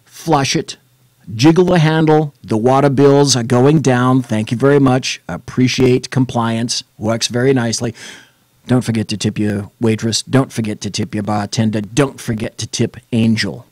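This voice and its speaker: A man's voice: mid-range voice, fairly even intonation, normal speed, a little mellow, dry recording. A man hosting a casual radio talk show in a studio, rambling with wry, jokey asides. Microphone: studio mic.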